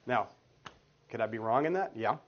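A man in his forties, a guest speaker at a church group, gives a casual and earnest teaching talk, telling stories and often restarting his sentences. His mid-range voice is expressive and moves at a moderate pace. The dull lo-fi recording comes from a meeting room with a children's group next door.

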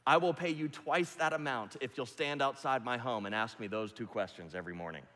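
A man's voice: medium pitch, fairly quick, pushed and bright, lightly acted. A man playing a clever ancient rabbi who answers with dry wit. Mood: wry. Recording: hall reverb.

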